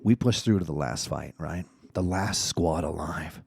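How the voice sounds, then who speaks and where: A man's voice: sits low, measured pace, gravelly, hardly any pauses, slightly rough, no echo. Man telling stories on a dry mic. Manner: animated, swings from hushed to excited. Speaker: podcast host. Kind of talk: solo casual storytelling.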